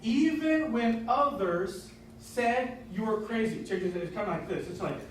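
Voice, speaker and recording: A man with a fairly high voice preaches a sermon in a loose, conversational way and keeps asking the congregation questions. He sounds set back from the mic, and his voice rings through a very echoey church hall with faint room noise underneath. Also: expressive, moderate pace, recorded from a distance. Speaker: pastor. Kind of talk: casual sermon. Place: church sanctuary.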